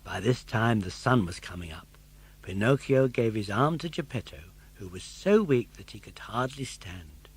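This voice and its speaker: An older man narrating a children's story in an expressive, animated way. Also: fairly low pitch, normal speed, slightly rough. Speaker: audiobook narrator.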